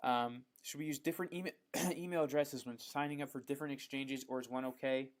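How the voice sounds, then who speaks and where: A man hosting a live stream, reading out viewer questions and answering them in a relaxed, chatty way, with frequent ums and the odd "bro". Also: mid-range voice, brisk. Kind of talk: casual live Q&A chat.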